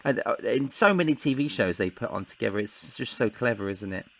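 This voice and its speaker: A man's voice: mid-range voice, animated, fairly quick, creaky. Man, host of a chat show, eager and giggly, ordinary mid voice. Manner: enthusiastic, laughs often. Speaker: podcast host. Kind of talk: casual chat.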